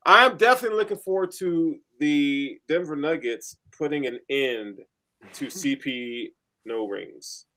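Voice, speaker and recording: A man with a bright, forceful voice chimes in on a casual sports podcast. He speaks in laid-back, brief remarks. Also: a little high, lively intonation, a little slow. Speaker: podcast co-host.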